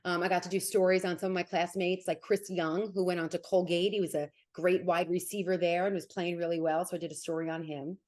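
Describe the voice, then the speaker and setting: A woman with a New Jersey accent talks quickly and lively as a guest in a casual interview. Her voice sits slightly low for a woman, and she sounds like someone in her forties. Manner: fast-talking and animated. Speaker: sports broadcaster guest.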